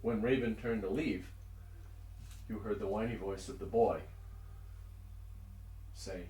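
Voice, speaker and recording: A man narrating as dungeon master in a casual, halting way, often restarting his sentences and laughing. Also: on the low side, fairly even intonation. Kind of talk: narrating a tabletop game, casual. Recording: roomy echo, far from mic, faint noise.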